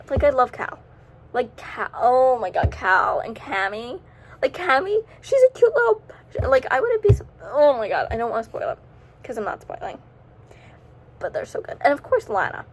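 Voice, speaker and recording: A woman's voice: on the high side, slight background noise, low-quality recording. A teenage girl chatting casually about her monthly reads in a vlog, giggly and scattered, breaking off mid-sentence. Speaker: book vlogger. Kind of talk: casual reading recap vlog.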